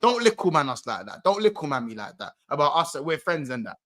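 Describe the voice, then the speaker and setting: Ranting man, high-pitched. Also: quick pace, a crowd in the background. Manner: ranting, slangy, animated. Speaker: football podcast host. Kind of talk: heated casual banter.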